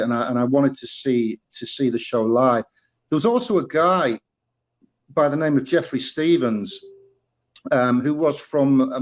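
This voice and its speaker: A man's voice: medium pitch, poor audio. A middle-aged man from the northeast of England with a Teesside accent, telling stories as an interview guest, full of fillers and restarts. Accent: Northeast English (Teesside). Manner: rambling, many fillers and restarts. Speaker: guest, former musical performer. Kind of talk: casual interview storytelling.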